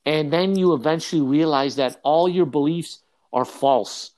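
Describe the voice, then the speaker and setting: A man's voice: on the high side, moderate pace, no room sound. A young man chatting on a casual podcast. He tells his story with energy and acts out what everyone said. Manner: animated storyteller, acts out quotes. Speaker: podcast co-host.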